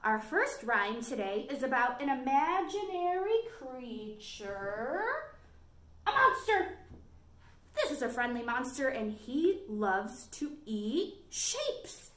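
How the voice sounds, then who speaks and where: A woman children's librarian leading a virtual storytime, talking clearly and encouragingly to small kids. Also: high-pitched, big pitch swings, takes it slowly, a bit bright. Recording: echoey room.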